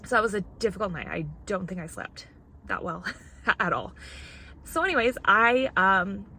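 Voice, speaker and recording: A woman's voice: on the low side, animated, moderate pace, gravelly, a bit bright, slight background noise. A woman vlogger in casual chat, rambling and candid while fighting back tears.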